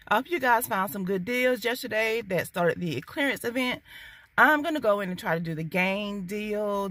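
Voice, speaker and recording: A woman vlogging about coupon deals, talking casually to camera. She is very excitable and gets loud when thrilled, but talks more quietly while in the store. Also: medium pitch. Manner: hushed in the store.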